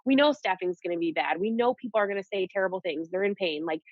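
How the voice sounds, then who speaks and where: A young woman and nurse, telling her story in a casual, animated way and saying "like" often. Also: mid-range voice, quick pace, no room sound. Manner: animated, peppers speech with "like". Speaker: nurse guest. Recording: dull lo-fi audio.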